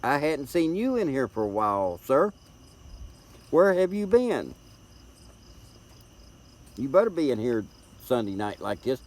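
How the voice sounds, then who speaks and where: Hosting a live stream on a tablet's built-in mic, this middle-aged Southern man from Tennessee rambles in a folksy, casual way and repeats his words. His medium-pitched voice is very animated and a little mellow, moving somewhat slowly with frequent pauses.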